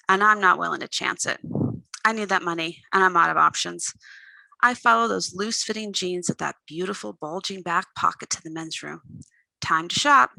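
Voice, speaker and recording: A woman author reading her own novel aloud in an expressive first-person storytelling voice. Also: medium pitch, gravelly, no room sound, poor audio.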